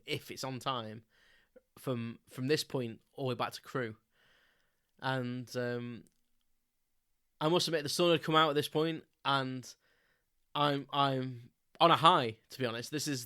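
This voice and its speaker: A man's voice: medium pitch, fairly bright tone, no echo, studio quality. A man, hosting a podcast and telling a story in a loose, rambling way, with many ums and frequent chuckles. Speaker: podcast host. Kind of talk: casual storytelling monologue.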